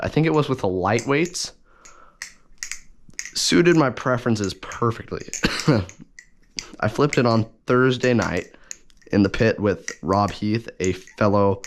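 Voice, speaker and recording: A man's voice: fairly low pitch, a little hiss or hum. A man talking casually through an unboxing and review, rambling and correcting himself as he goes, with enthusiasm. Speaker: balisong reviewer.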